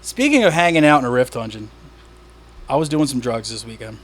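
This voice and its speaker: A man's voice: medium pitch, very animated, a little fast. A man hosting a casual podcast, telling stories with lots of swearing and laughter. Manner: profane, laughing storyteller. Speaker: podcast host.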